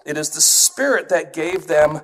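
Male preacher raised in England, higher-pitched voice, lively sermon delivery with playful put-on accents. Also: a little slow. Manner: animated, puts on accents to illustrate points.

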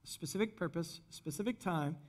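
A middle-aged man preaching a sermon in a conversational way, turning animated when he retells scenes. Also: a little high, normal speed. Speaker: pastor.

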